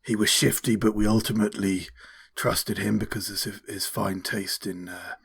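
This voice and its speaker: A man's voice: fairly low pitch, flat delivery, moderate pace, vocal fry, a bit bright, breathy edge. A man playing a tabletop role-playing game, speaking in character in a rambling, jokey way. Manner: rambling, jokey, stumbles into laughter. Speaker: player.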